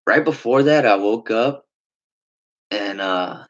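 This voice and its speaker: A young man telling a long story in a casual, rambling way, swearing often and filling pauses with "like" and "uh". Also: on the low side, lo-fi sound. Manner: rambling, swearing, frequent fillers.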